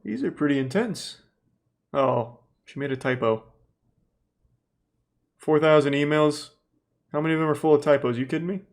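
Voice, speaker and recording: A man in his thirties hosting a casual reaction commentary, telling stories in a profane, animated way. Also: fairly high pitch, moderate pace, pauses often. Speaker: host reacting to videos.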